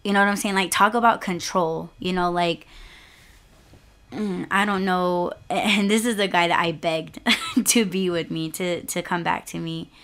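A woman's voice: fairly low pitch, fairly even intonation, unhurried, a bit bright. A young woman hosting her own podcast, telling a personal story in a casual, chatty way, swearing freely and leaning hard on "like" and "you know". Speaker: podcast host.

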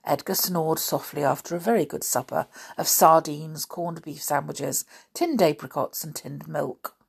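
With a low voice and a measured pace, this storybook reader works through a children's adventure novel. She keeps pausing for conversational asides and frequently clears her throat.

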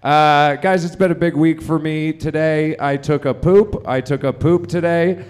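A man's voice: a little high, fairly even intonation, unhurried, darkish tone, clean tone. A young man hosting a live comedy show, rambling and profane, full of fillers and restarts. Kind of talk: stand-up hosting banter.

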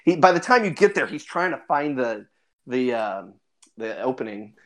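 A man's voice: medium pitch, sing-song, moderate pace, fairly bright tone. A man narrating a tabletop game as game master, rambling with fillers and laughing often.

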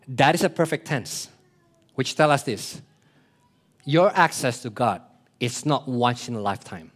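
A man preaching a sermon in an earnest, teaching manner. His voice sits fairly high for a man. He repeats key phrases and often turns to the congregation with questions. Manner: plays short voices in his illustrations.

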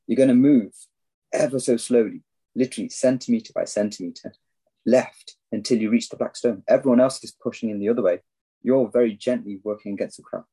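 A man from England telling a long personal story as a podcast guest, animated and acting out what others said. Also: medium pitch, brisk, husky, low-quality recording. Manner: animated storyteller, acts out quoted speech. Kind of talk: storytelling in a casual interview.

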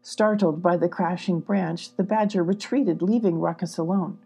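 Gravelly, mellow woman reading a storybook. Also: lowish voice, moderate pace. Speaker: storybook reader. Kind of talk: children's storybook narration.

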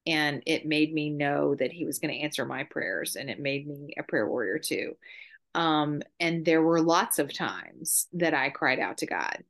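Middle-aged female guest, earnest and heartfelt, lower register. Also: measured pace. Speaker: guest, mother. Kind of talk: casual conversation.

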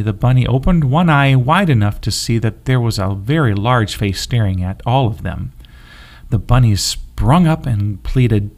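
A man reading a children's story aloud, gentle and expressive. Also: medium pitch, moderate pace. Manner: gentle, expressive, sing-song.

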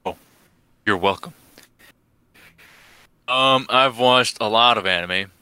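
A man chatting as a podcast guest in a brash, excitable way, swearing freely while summing things up. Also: medium pitch, slow, smooth, no room sound. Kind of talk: casual chat.

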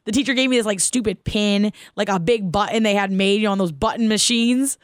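A woman in her thirties hosting her own podcast, telling a personal story in an animated, casual way, laughing as she goes and asking listeners questions. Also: mid-range voice, fairly quick, no room sound, studio quality. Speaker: podcast host.

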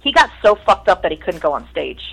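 A woman's voice: on the low side, quick pace, creaky, breathy edge, rough recording. A woman guest in casual chat, telling stories bluntly with lots of swearing and acted-out voices. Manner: blunt, profane storytelling with lively mimicry.

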